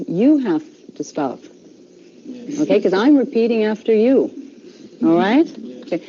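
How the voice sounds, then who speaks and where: A woman's voice: medium pitch, mellow, dull audio, slight background noise. A woman language teacher giving patient classroom instructions, repeating herself often and checking in with "okay".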